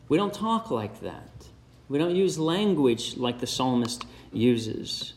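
A man preaching a sermon, measured and direct, putting one question after another to his congregation. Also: mid-range voice, big pitch swings.

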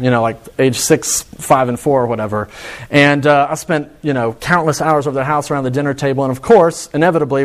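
Young male pastor, fairly high voice, earnest sermon delivery with rhetorical questions and restarts.

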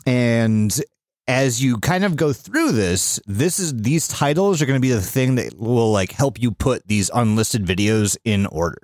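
Guy cohosting a podcast, animated voice, dry sound, cuts in with quick side notes, swears some. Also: mid-range voice, dry recording. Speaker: podcast co-host. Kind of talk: casual podcast chat.

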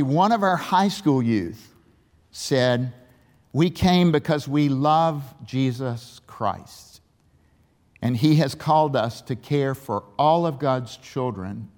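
A man's voice: medium pitch, animated, takes it slowly, darkish tone. A male pastor, preaching a sermon and telling a story, with emphatic questions to the congregation. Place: large church sanctuary. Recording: reverberant church hall.

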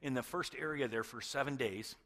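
A man's voice: mid-range voice, fairly quick, a bit bright, in a large hall. A man preaching a sermon as pastor, talking conversationally and often checking in with his listeners. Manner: conversational, checks in with "okay?" and "right?".

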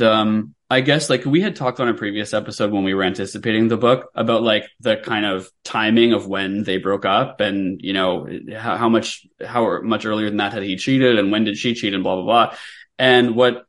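A man co-hosting a podcast, talking about a book in a wry, rambling way and swearing casually. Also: fairly low pitch. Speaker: podcast co-host.

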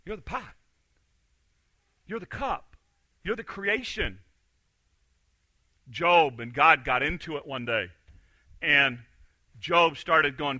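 A male pastor preaching a sermon in a church, animated, acting out the voices he quotes and swinging from quiet to loud. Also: on the high side, slow pace, long pauses, no echo. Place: church sanctuary.

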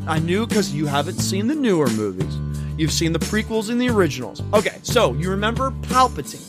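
Animated, outburst-prone podcast host. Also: mid-range voice, brisk. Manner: animated, swearing, jumps to loud outbursts. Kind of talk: casual podcast chat. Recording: guitar music behind the voice.

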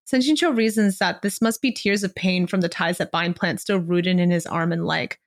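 A young woman co-hosting a podcast, retelling a story in an animated way and adding playful asides. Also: medium pitch, normal speed, hardly any pauses. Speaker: podcast co-host. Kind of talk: reading a chapter summary aloud, casual asides.

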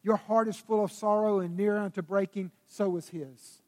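A man preaching a sermon as pastor, swinging between loud bursts and hushed, intimate tones. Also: high-pitched, steady tone, moderate pace. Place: church sanctuary. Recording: long reverb of a church hall.

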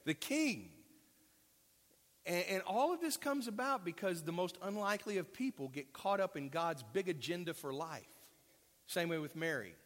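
Animated preacher man in an echoing hall. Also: high voice, moderate pace. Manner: conversational preaching with rhetorical questions and asides. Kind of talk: sermon. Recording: long reverb of a large hall.

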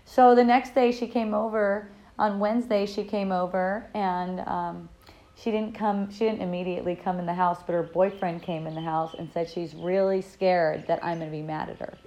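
A woman's voice: lowish voice, fairly even intonation, normal speed, warm tone. A woman hosting an online dialogue group, telling a personal story in a casual, rambling way, upbeat and effusive with frequent restarts. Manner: rambling, laughs often, many restarts.

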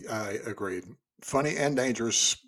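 A man's voice: medium pitch, moderate pace, a bit bright. A man co-hosting a book podcast, chatting casually with frequent chuckles and restarts. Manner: chuckles often, stumbles and restarts. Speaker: podcast co-host. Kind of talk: casual chat.

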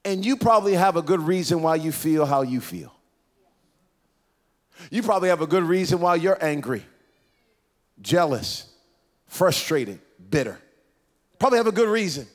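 A man preaching a sermon, animated and playful, acting out voices of Bible figures and teasing the congregation. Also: on the high side, a little slow, long pauses. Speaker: pastor. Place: church.

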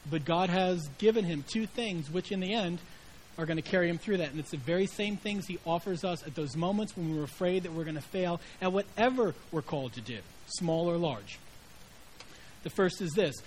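Speaking at a moderate pace in a high-sitting voice, this middle-aged pastor delivers a conversational sermon and acts out quoted lines with inflection. The low-quality recording carries a little hiss or hum.

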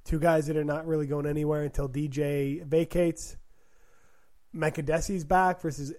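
A man's voice: a little high, level tone, darkish tone. An American man co-hosting a casual podcast, running through a fight card and joking around. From United States. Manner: joking, quick to do mock voices. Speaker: podcast co-host. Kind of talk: casual chat about fights.

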